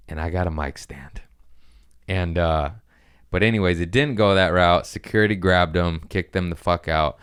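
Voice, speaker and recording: A man's voice: sits low, moderate pace, a bit bright, clean tone. A man hosting a podcast, casually telling a rambling, profane story about his comedy gig.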